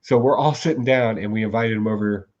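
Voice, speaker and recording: A man's voice: fairly low pitch, brisk. Laughing man telling stories, lo-fi. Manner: animated storyteller, acts out quotes, laughs often. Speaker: podcast co-host. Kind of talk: casual chat.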